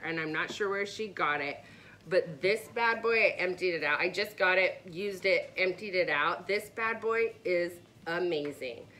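A woman's voice: fairly low pitch, fairly bright tone, slight background noise. A woman vlogger chatting casually and enthusiastically about her favorite products, with rambling asides. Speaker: beauty vlogger.

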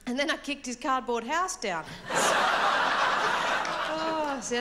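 A woman does stand-up on a comedy stage before a live audience, chatty and poking fun at herself as she tells her story. Her voice is high with lively intonation, slow and full of pauses. The live stage mic picks up a loud crowd, making it very noisy with audience laughter.

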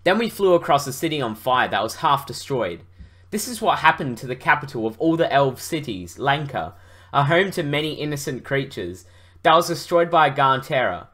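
A man's voice: mid-range voice, big pitch swings, moderate pace, a bit bright. A young man sarcastically reading aloud and mocking his own old book.

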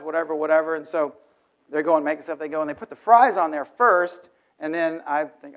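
A middle-aged man giving a sermon and telling a story with lively, acted-out inner thoughts and many restarts. His voice sits a little high for a man. The church recording sounds dull and lo-fi. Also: fairly quick. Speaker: church speaker. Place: church sanctuary.

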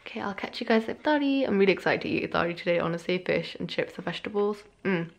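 A tired young vlogger in her bedroom at home races through casual chat to camera in an expressive, creaky, mid-range voice. She's rambling, chatty and self-deprecating, sounding slightly out of breath.

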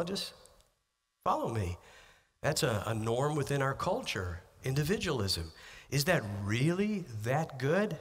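A middle-aged man pastor preaching a sermon, emphatic, rising to loud peaks and dropping to quiet asides. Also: medium pitch, breathy edge.

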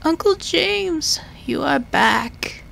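A woman voicing a frail, confused elderly male professor in a video game, slow and halting. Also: sits high, lively intonation, gravelly, a bit bright, slight background noise, voice pushed up, heavily acted.

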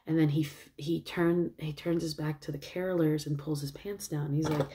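A woman's voice: low-pitched, steady tone, moderate pace, few pauses, dark tone. A woman vlogger chatting casually, recapping at length with lots of "like" and "um". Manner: rambling recap full of fillers and likes. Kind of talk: casual chat.

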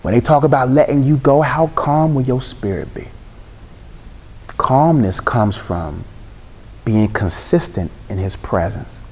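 A man's voice: mid-range voice, animated, a little slow, darkish tone, slightly rough. A young man preaching a sermon in an emphatic, casual way, mixing slang and humor. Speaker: Christian speaker.

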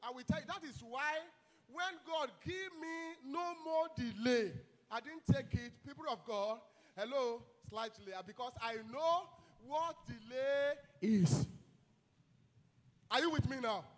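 Fiery Nigerian pastor shouting a sermon. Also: male voice, very high voice, a little slow. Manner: fiery call-and-response preaching, shouting and asking "hello?".

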